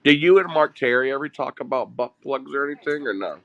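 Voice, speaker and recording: Joking man with a lively voice. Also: mid-range voice, fast talker, lo-fi sound. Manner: joking, teasing, swears freely. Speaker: panel guest. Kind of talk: crude casual stream banter.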